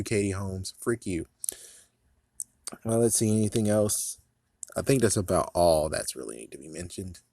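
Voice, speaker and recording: A man's voice: mid-range voice, no echo, clean studio sound. A man in casual movie commentary, rambling, swearing and laughing at his own jokes. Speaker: vlogger.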